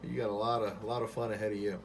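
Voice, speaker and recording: A man chatting on ham radio from his home station into a boom mic, relaxed and friendly with lots of fillers. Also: very fast, slight background noise. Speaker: amateur radio operator. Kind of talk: ham radio contact chat.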